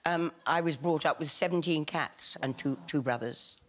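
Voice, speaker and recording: An older woman, a chat show guest, speaking gently. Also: deep voice, normal speed, heavy background noise.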